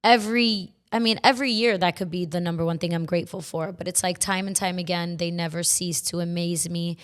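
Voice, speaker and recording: A woman's voice: on the low side, fairly even intonation, fairly quick. A woman co-hosting a podcast, talking in a heartfelt, casual way with many filler words. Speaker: podcast co-host. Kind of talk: casual chat.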